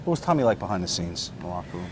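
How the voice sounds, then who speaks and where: A man's voice: deep voice, very animated, racing, background noise. A male interviewer asking short questions and giving brief acknowledgements.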